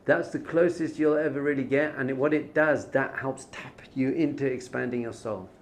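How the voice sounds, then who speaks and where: A man's voice: mid-range voice, fairly even intonation, moderate pace. A man teaching as a rabbi in an informal spiritual lesson. He talks conversationally, repeats phrases for emphasis and mixes in Hebrew terms.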